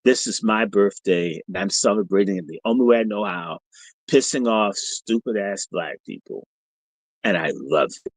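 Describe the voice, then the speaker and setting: A man's voice: lowish voice, normal speed, dry recording, poor audio. Profane, combative middle-aged man telling a story. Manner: animated storyteller. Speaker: podcast host. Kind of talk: storytelling monologue on a livestream.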